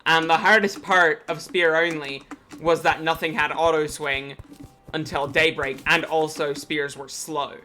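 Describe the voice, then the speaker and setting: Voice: mid-range voice, steady tone, measured pace, pushed and bright, a little hiss or hum. A streamer giving live gameplay commentary, chatty and rambling with frequent ums.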